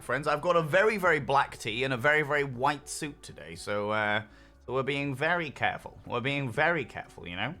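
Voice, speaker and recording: Chatty bright-voiced man. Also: mid-range voice, lively intonation, moderate pace. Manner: chatty and upbeat, swears freely. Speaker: streamer. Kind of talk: casual chat while reading viewer messages. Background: faint lo-fi music.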